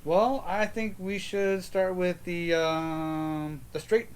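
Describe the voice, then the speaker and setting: Man with a higher voice explaining patiently. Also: little pitch movement, slow, clean tone. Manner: explanatory, patient, fills with ums. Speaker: whiskey review co-host. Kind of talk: casual chat.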